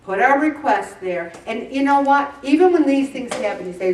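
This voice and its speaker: A woman's voice: sits high, expressive, normal speed, few pauses. Lady in her 60s, chatty faith talk to a group, pokes fun at herself, echoey room. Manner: chatty, self-mocking, asks the audience questions. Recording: roomy, distant mic.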